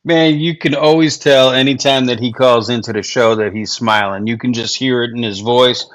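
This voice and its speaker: A man's voice: mid-range voice, fairly even intonation, normal speed, fairly bright tone. A man co-hosting a casual sports show, easygoing and chatty, leaning on fillers. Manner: easygoing, lots of fillers like you know. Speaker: podcast co-host.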